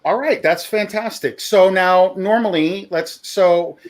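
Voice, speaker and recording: A man's voice: sits high, measured pace. A man hosting a charity livestream auction, chatting casually, laughing often and calling out bids.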